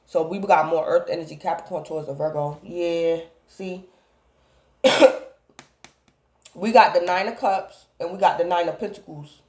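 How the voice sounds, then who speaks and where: A woman's voice: on the low side, moderate pace, pauses often, darkish tone, roomy sound. A woman giving a casual tarot reading, rambling and repeatedly calling out to her viewers by the same phrase. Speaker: tarot reader.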